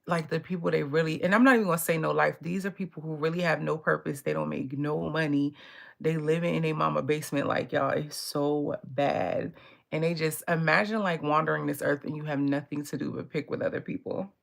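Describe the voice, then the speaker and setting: A woman's voice: sits low, steady tone, fairly quick, gravelly. A woman tarot reader talking in a casual, blunt and profane way, laughing often. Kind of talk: casual live tarot reading.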